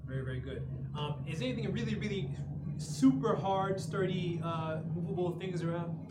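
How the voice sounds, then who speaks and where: A man's voice: sits high, moderate pace, noisy background. Joking man playing a tabletop game. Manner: chatty, joking, hesitant restarts. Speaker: player. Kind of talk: casual tabletop play. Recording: echoey room.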